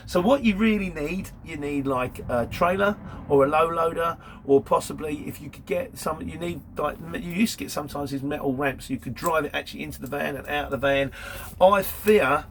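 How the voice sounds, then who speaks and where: Answering questions casually about his job as a courier driver, a man in his 50s spins anecdotes and laughs in between. His voice is on the high side and a bit bright, at a moderate pace, with slight background noise.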